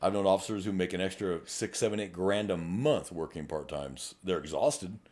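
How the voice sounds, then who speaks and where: A man with a low, darkish voice speaks at a moderate pace. He's a law enforcement officer co-hosting a podcast, telling cop stories in a profane, laughing way during casual storytelling chat.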